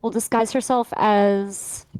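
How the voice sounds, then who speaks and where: A woman's voice: medium pitch, steady tone, slow, darkish tone, smooth, dry recording. A woman playing a tabletop game, rambling and hesitant as she explains her plans. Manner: rambling, hesitant, lots of fillers. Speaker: player. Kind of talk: casual chat at a game table.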